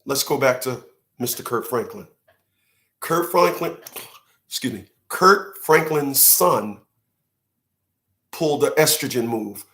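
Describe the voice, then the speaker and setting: A man's voice: mid-range voice, animated, slow pace, long pauses, a bit bright. Emphatic man ranting in an echoey room. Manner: emphatic, acts out mock dialogues, laughs at own jokes. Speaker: commentary show host. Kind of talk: animated opinion monologue. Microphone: livestream setup.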